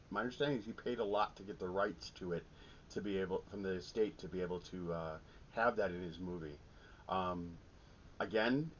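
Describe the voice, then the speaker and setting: Middle-aged Midwestern man, low-pitched, rambling casual vlogger, muffled home recording. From Milwaukee, Midwest US. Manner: rambling, many ums and restarts. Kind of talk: casual vinyl collecting vlog. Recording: dull lo-fi sound with faint rumble.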